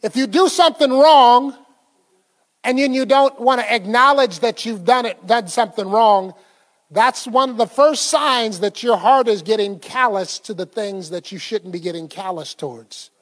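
A man's voice: extremely high pitch, normal speed, a bit bright, in a large hall. A man preaching a sermon in a conversational way, quizzing the congregation and laughing often. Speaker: pastor.

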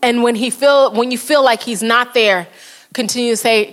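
A woman preaching a sermon to a congregation, speaking earnestly and slowing down for quotes and prayers. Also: a little high, fairly even intonation, faint music behind.

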